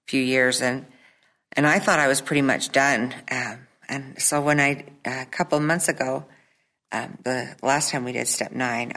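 A woman's voice: very deep voice, fairly bright tone. A middle-aged woman telling her own story at a recovery meeting, hesitant, with many fillers and restarts. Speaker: recovery meeting member sharing. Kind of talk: personal testimony at a support meeting.

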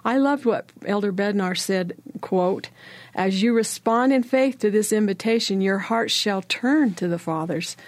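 A woman's voice: medium pitch, measured pace, no echo. A woman who is a church leader speaking as a guest on a religious panel, enthusiastic and reverent as she talks.

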